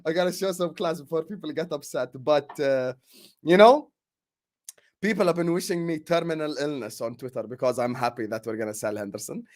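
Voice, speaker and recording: A man's voice: fairly high pitch, a little fast, a little mellow. A young man hosts a football fan show in a casual, mock-dramatic, repetitive way. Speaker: football channel host. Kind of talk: casual fan podcast chat.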